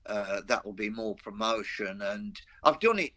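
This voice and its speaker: A man's voice: fairly low pitch, animated, normal speed, pushed and bright. An older man with a Black Country accent, a veteran rock guitarist chatting as an interview guest, rambling through anecdotes with self-mocking humour. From Black Country, English Midlands. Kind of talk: casual interview chat.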